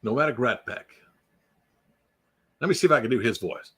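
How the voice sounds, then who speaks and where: A man's voice: medium pitch, expressive, a little fast, pauses often, sharp tone, slightly rough. A man hosting an unscripted livestream, rambling and joking as he greets viewers by name. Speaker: YouTube livestream host. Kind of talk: casual unscripted live chat.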